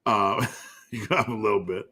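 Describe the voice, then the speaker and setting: A man's voice: fairly low pitch, steady tone, normal speed, bright, forceful tone, husky. A man who coaches lifting, answering viewer questions on a live stream in a loose, joking way and thinking aloud as he goes. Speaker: strength coach and host.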